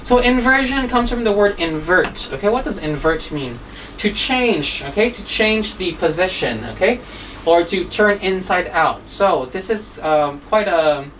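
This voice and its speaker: A female English teacher, lowish and a bit bright in voice, is mid-lesson explaining grammar, constantly checking in with "okay?" and "right?" in a chatty way. The mic sits back from her, picking up faint room hum, and the recording is rough.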